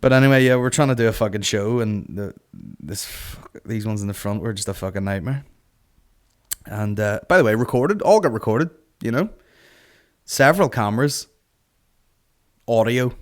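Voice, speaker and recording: A man with a lowish voice rants casually on his comedy podcast at normal speed, pausing often. Animated and heavy on the cursing, he acts out others' voices for comic effect.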